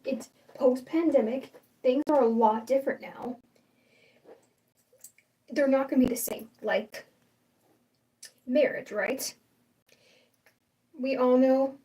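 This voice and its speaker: A young adult woman hosts a casual livestream, rambling and offering strong opinions with plenty of fillers and restarts. Her voice sits high with a dark tone, and she sounds far from the mic in a rough recording.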